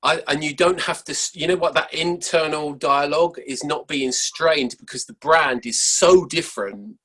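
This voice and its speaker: A man's voice: a little high, a bit bright. A man interviewing a guest, rambling and friendly. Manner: friendly, rambling, quick to laugh. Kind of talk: conversational interview.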